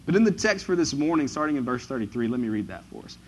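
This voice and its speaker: A man preaching a sermon, reading scripture and then riffing on it, his voice swinging from loud to hushed. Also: mid-range voice, fast, slight background noise. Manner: animated, swinging from loud to hushed, asks the congregation questions; reads scripture aloud then riffs on it. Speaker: pastor.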